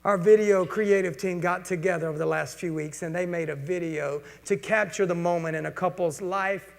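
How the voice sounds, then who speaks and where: Pastor, high gravelly voice, preaching in a reverberant hall. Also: male voice, fairly even intonation, normal speed. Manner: preaching with quoted prayers and scripture, informal asides. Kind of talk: sermon.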